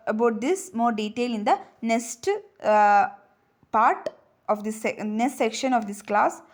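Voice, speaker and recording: A woman with a slightly high voice explains medical material in a lecture. She talks hesitantly, often stopping on fillers and correcting herself mid-word, and she goes over her points again. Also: unhurried.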